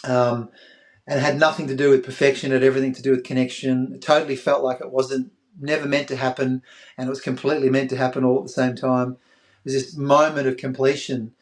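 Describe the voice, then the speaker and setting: A middle-aged Australian man, a former athlete appearing as a podcast guest, tells an emotional story quickly in a medium-pitched voice. He's animated, acts out other people's voices, and goes soft at the tender moments.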